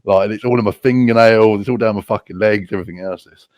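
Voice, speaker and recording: Low-voiced crude British storyteller man. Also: fairly even intonation, fast talker, no echo, dull audio. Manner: crude, profane, laughing at his own stories. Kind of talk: casual anecdote telling.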